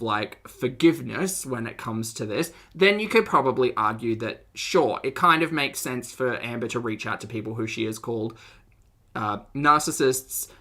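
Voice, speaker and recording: This young woman has a bass voice with a fairly bright tone. She's streaming reactions to videos, chatting casually with her chat, giggling frequently and cutting herself off to restart.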